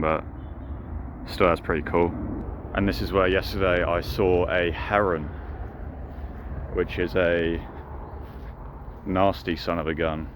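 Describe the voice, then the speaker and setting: Deep-voiced man rambling outdoors. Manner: rambling, jokey, talks to the ducks. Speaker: vlogger. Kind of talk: casual outdoor vlog. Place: outdoors by a pond. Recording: noisy outdoor street sound.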